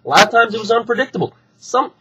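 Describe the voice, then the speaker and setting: A hoarse man, still recovering from being sick, ranting heatedly and with plenty of swearing in an opinion vlog. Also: extremely high pitch, expressive, quick pace, very noisy. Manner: heated, profane, repetitive ranting. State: hoarse from recent illness. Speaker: wrestling fan vlogger. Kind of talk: opinion rant to camera.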